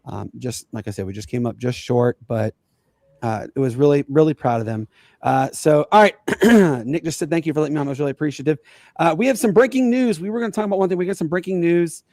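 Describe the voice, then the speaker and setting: An excitable man hosting a casual sports podcast, his fairly high voice carrying a gravelly edge. He tells stories with sudden bursts of loudness. The sound is close and dry. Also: fast talker, no room sound. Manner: excitable, storytelling, rising and falling loudly. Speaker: podcast host and youth basketball coach.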